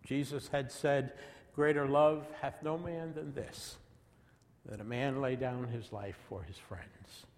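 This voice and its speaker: Slow-preaching man in a reverberant hall. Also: medium pitch, steady tone. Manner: dramatic reading with dips to a hush. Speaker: pastor. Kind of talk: sermon. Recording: long reverb of a large hall.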